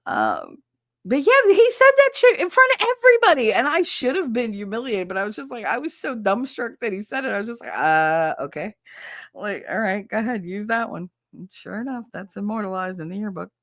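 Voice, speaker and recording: Very animated and fairly quick, this medium-pitched woman's voice is captured in studio quality with no room sound. In her thirties, she chats casually with livestream viewers, spinning stories laced with frequent swearing and laughter.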